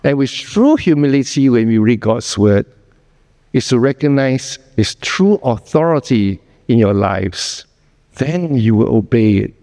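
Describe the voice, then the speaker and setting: A man delivers a sermon from a church sanctuary, earnest and explanatory, pausing to pose rhetorical questions. His voice is mellow and relaxed at a middling pitch. Long hall reverb trails behind his words. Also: creaky. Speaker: pastor.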